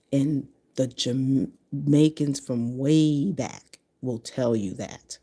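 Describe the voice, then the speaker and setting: A woman's voice: a bass voice, drawn-out words, few pauses, dark tone, husky. A woman in her fifties from Connecticut, talking bluntly and profanely in a casual monologue to camera. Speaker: vlogger.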